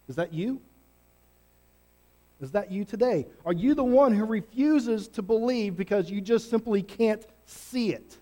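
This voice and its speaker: A pastor preaching a sermon in an energetic, conversational, emphatic way. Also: male voice, sits high, measured pace.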